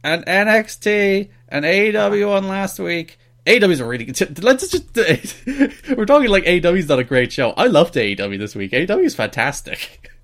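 A man's voice: sits high, sing-song, moderate pace, fairly bright tone. A man co-hosting a wrestling podcast, trading dry, teasing jokes in casual banter. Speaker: podcast co-host.

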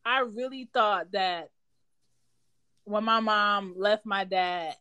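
Thirties mother from Philadelphia, frank and unfiltered, ordinary pitch, conversational. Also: slow, pushed and bright, clear, resonant tone, no echo, muffled recording. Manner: candid and blunt, with casual swearing. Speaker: mother of daughters. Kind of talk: casual chat.

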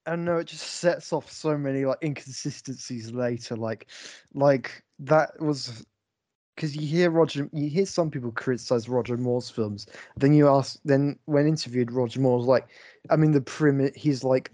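A man chatting on a film review podcast, hesitant and loaded with fillers as he gathers his thoughts. The sound is dry and close, with no room around it. His pitch sits in an ordinary middle range. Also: normal speed, dark tone, no room sound. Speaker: podcast co-host. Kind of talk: casual film review chat.

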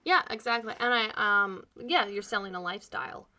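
With a bright, forceful tone, lively intonation, and a medium pitch, a female podcast co-host talks a little fast. She rambles through her stories in casual chat, breaking into laughter again and again.

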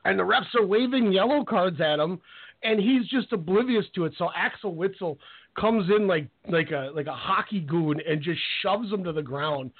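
Higher-voiced male sports radio host, animated storyteller, phone-quality audio. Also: moderate pace. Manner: animated storyteller, acts out players with quoted voices. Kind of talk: casual sports radio chat. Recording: tinny phone-line sound.

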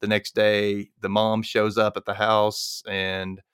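A man's voice: lowish voice, slow pace, clean tone, dry recording, studio quality. Man retelling a movie plot animatedly. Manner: animated storyteller, acts out characters' lines. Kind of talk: casual movie review chat.

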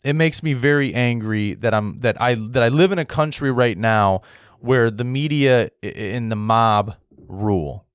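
An American man giving a heated opinion monologue to his viewers, restarting sentences, clearing his throat often and tagging his points with "right?". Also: mid-range voice, moderate pace. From United States. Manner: heated, repetitive, frequent "right?" tags and restarts. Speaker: political commentary host.

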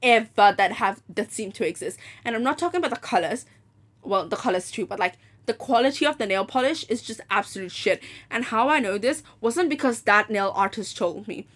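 A woman's voice: fairly high pitch, animated, fairly quick, a bit bright. A woman hosting a podcast, telling a story in a casual rant, blunt and profane, and acting out the people she quotes. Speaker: podcast host.

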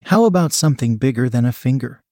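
Domineering male lover read by a man, low taunting commands, dry sound. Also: expressive, fast, dark tone, no echo, natural voice. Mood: commanding.

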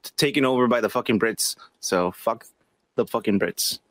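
A man's voice: medium pitch, normal speed, fairly bright tone, dry recording. A man co-hosting a podcast, laid-back and profane in casual chat. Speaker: podcast co-host.

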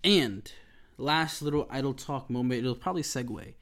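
A man's voice: medium pitch, moderate pace, fairly bright tone. A man hosting a podcast, talking in a loose, rambling, heated rant full of swearing. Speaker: podcast host. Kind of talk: casual monologue rant.

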